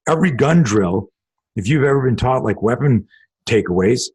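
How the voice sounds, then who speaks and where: Husky, profane middle-aged man telling stories. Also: mid-range voice, normal speed. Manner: animated, profane storyteller acting out dialogue. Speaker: self-defense instructor and podcast host. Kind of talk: storytelling in a casual interview.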